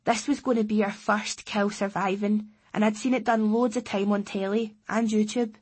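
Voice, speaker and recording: Husky woman narrating a story. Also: mid-range voice, fairly even intonation, moderate pace, a little mellow. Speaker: audiobook narrator. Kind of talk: scripted first-person narration.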